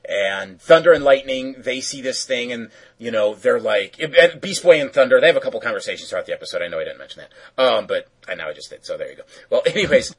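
A man's voice: mid-range voice, animated, quick pace, hardly any pauses, husky, low-quality recording. A man casually recapping a cartoon episode, rambling with lots of fillers and self-corrections.

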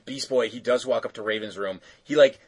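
A man's voice: medium pitch, a little fast, darkish tone, husky, rough recording. A man casually recapping a cartoon episode, rambling with lots of fillers. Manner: rambling, filler-heavy storytelling.

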